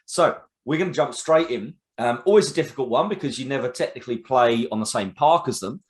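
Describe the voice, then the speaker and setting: A man's voice: medium pitch, lively intonation, brisk. Man, podcast host, mid-range voice, casual, hesitant with fillers. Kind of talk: casual interview.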